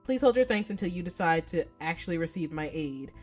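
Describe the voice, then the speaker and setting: A woman voicing a polite, formal male love therapist who speaks in a courteous, measured way with a hint of teasing. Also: on the low side, animated, a little mellow, faint music behind.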